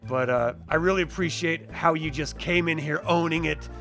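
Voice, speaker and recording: A man voicing a gruff, burly male human brawler in a tabletop game, blunt and tough-talking. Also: fairly high pitch, moderate pace, fairly bright tone, faint music behind. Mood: grudgingly respectful.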